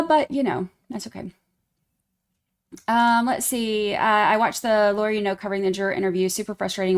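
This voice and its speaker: Woman, casual livestream host, chatty, rambling, singsong greetings, mid pitch. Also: vocal fry. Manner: chatty, rambling, frequent fillers and restarts; greets viewers by name in a rising, singsong tone. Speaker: true crime livestream host. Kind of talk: casual live chat, greeting members.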